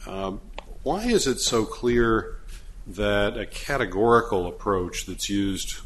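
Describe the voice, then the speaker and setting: A man questioning a lawyer from the bench in a measured, deliberate way. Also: on the low side, lively intonation, a bit bright, slight background noise. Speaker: appellate judge. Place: courtroom.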